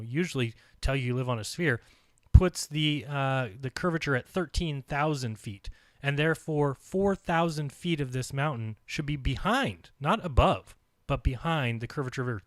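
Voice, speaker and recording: A man's voice: mid-range voice, a bit bright, no room sound, studio quality. A man hosting his own channel, commenting insistently over video clips, repeating his points with emphasis. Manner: talks while eating. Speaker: channel host reacting to a video.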